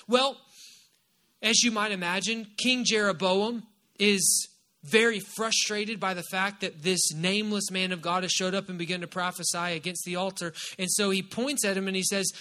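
Bright-voiced emphatic male preacher. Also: high-pitched, normal speed. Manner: emphatic and repetitive, stressing key phrases. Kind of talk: sermon, retelling a Bible story.

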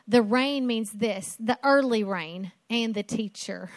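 A woman's voice: fairly high pitch, a little slow, no echo. A woman preaching a sermon in an emphatic way, asking rhetorical questions and repeating phrases for effect.

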